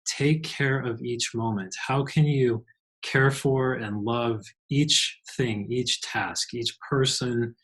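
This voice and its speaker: A man's voice: mid-range voice, fairly even intonation, takes it slowly, fairly bright tone, breathy edge, poor audio. A man co-hosting a spiritual talk show, speaking thoughtfully about mindfulness. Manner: thoughtful, with restarts and repetition. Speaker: podcast co-host.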